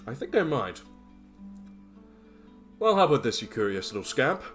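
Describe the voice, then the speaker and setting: A man voicing a stern, busy middle-aged ship captain who talks in a gruff, clipped, impatient way. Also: mid-range voice, sing-song, normal speed, faint music behind, lightly acted.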